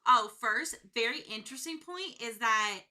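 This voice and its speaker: A woman co-hosting a podcast, chatting casually and telling stories in an animated way with frequent laughs. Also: a little high, moderate pace. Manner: animated storyteller, laughs often. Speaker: podcast co-host. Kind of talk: casual chat.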